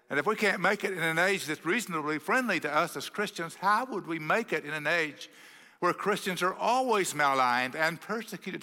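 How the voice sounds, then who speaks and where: A man's voice: on the high side, bright, forceful tone. A man with a Texan accent, a pastor preaching a sermon, telling a story animatedly and acting out the quoted voices. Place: church sanctuary. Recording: long reverb of a church hall.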